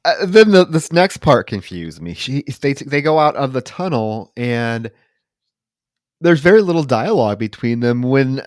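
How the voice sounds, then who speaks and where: A man's voice: medium pitch, sing-song, unhurried, no room sound, clean studio sound. A man co-hosting a podcast, recapping a film plot with wry mock outrage in casual chat. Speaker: podcast co-host.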